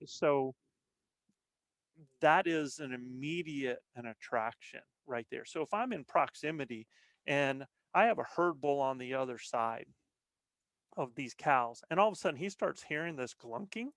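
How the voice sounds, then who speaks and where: A man's voice: mid-range voice, expressive, a little slow, fairly bright tone, dry recording. A man talking as a podcast guest, explaining things earnestly in a casual chat with frequent restarts. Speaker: podcast guest, veteran elk bowhunter.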